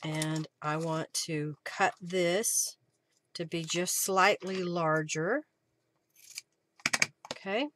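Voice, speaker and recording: A woman's voice: fairly low pitch, drawn-out words, long pauses, noisy background. A woman hosting a casual craft live stream from her home craft room, chatting and thinking aloud as she works.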